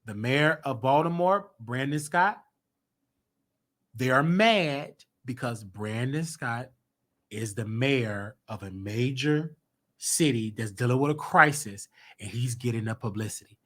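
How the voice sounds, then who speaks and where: A man's voice: medium pitch, measured pace, a bit bright. A man hosting a casual commentary monologue, talking emphatically with rhetorical questions. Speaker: host.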